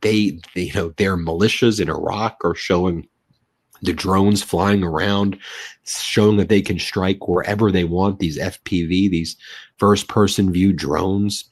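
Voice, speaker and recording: Scornful low-voiced man. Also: steady tone, a little slow, dry recording. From United States. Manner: emphatic, scornful, mocks in put-on voices. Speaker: political commentator. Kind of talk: political commentary video.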